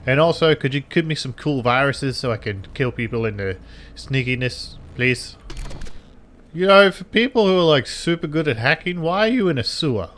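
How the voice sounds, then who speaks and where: A man giving goofy, wisecracking commentary while playing a video game, often yelling at the characters. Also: mid-range voice, lively intonation, normal speed. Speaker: puppet character gameplay commentator. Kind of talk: comedic gameplay commentary.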